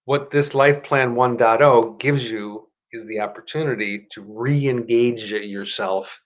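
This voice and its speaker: A man hosting a live stream at his computer. He talks in a rambling, chatty way, corrects himself often, and shifts into a motivational pitch. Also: a little slow, highs cut off. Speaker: host of a live stream show. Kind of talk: casual live-stream talk and self-help pitch.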